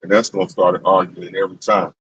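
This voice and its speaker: A man with a low, husky voice speaks in a measured, reflective way during a casual group chat. The recording is dull and lo-fi, with little high end. It sounds dry, with no room echo. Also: flat delivery, a bit bright.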